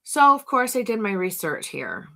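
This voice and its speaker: A woman's voice: mid-range voice, very animated, moderate pace, creaky, pushed and bright. A middle-aged woman hosting a casual talk to camera, chatty and thinking aloud, talking to herself by name. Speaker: host.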